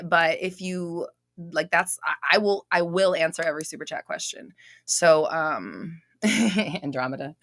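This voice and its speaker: Reading viewer comments on her laid-back live stream, this young woman is loud and expressive, laughs constantly, and curses offhandedly. Her lowish voice is captured cleanly in the studio, without any echo.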